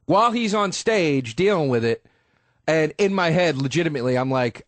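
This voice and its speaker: Defensive comedian, slightly high voice. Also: male voice, expressive, moderate pace, no echo. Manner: defensive, exasperated, interjecting. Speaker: comedian guest. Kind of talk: defensive storytelling on radio.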